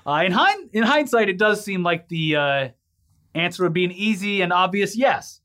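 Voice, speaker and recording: Casting: man co-host, fairly high voice, rambling casual delivery, quick to laugh. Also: animated, a bit bright. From California. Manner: rambling, laughs easily, reads news stories aloud. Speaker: podcast co-host. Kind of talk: casual news chat.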